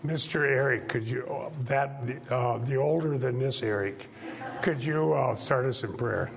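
Soft-spoken gravelly pastor teaching a class. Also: male voice, mid-range voice, measured pace, slight background noise. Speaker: pastor leading a church class discussion. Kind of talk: informal church teaching talk. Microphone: microphone.

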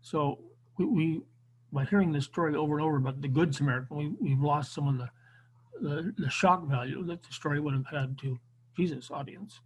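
Husky, higher-voiced male Bible teacher. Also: a little fast, rough recording. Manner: unscripted, with frequent restarts and fillers. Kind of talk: online Bible class lecture. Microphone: video call.

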